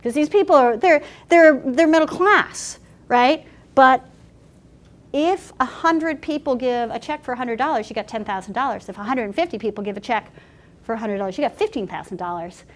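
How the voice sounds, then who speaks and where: Casual: lady pastor telling stories at a workshop, lively, chatty, kinda high voice. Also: moderate pace. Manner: animated, chatty, laughing, full of restarts. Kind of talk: storytelling workshop talk.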